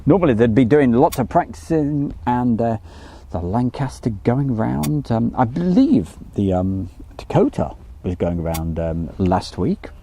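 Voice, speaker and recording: Lively mellow-voiced man chatting. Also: medium pitch, unhurried, slight background noise. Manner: chatty, joking, reads out viewer messages. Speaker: live stream host. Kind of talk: casual live-stream chat.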